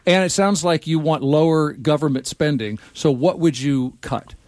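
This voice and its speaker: A man's voice: fairly high pitch, moderate pace, a little mellow, no room sound, clean studio sound. A man hosting a political discussion, pressing guests with pointed follow-up questions. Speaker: host.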